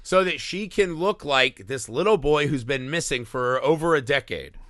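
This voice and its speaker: A man co-hosting a casual movie podcast, retelling scenes in a profane, animated way and acting out bits of dialogue. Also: on the high side, moderate pace, no echo, studio quality. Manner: animated, profane scene recaps with acted-out voices. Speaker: podcast co-host.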